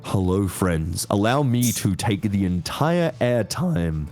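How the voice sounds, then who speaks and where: A man's voice: fairly low pitch, very animated, darkish tone, faint music behind, heavily acted. A man voicing a long-winded speaker who drags out every word and hogs the airtime. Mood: smug, slow. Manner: drawn-out, pompous, pausing between words.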